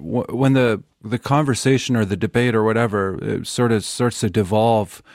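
A man's voice: on the low side, fairly even intonation, normal speed, darkish tone, no room sound, studio quality. Thoughtful male podcast guest. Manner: thoughtful, searching for words, many fillers. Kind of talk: casual chat.

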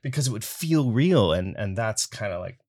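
An interview guest, a voice actor from Canada, speaks in a fairly low, expressive voice with a darkish tone and moderate pace. He's chatty, with frequent fillers and easy laughs.

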